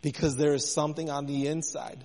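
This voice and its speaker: A man's voice: a little high, level tone, brisk, a little mellow, long reverb tail. A man preaching a sermon, impassioned, his intensity rising and falling as he speaks.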